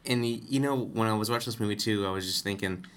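A man's voice: fairly low pitch, fast talker, fairly bright tone. A man co-hosting a podcast, chatting casually about a film, rambling and correcting himself as he goes. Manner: rambling, self-correcting, laughs easily. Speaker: podcast co-host. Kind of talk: casual movie discussion.

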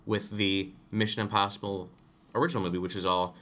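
A man with a voice on the low side speaks fairly quickly in a level, fairly bright tone. As a podcast co-host in a casual movie discussion, he rambles, keeps correcting himself, and laughs easily.

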